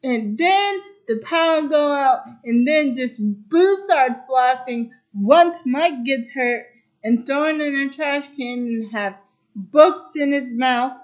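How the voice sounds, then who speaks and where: Rambling high-voiced woman retelling a movie. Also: takes it slowly. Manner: rambling, repeats "and then" often. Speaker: host.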